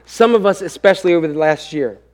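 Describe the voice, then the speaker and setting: A man's voice: on the high side, quick pace. A middle-aged man preaching a sermon, telling a family story and acting out what each person said. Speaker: pastor.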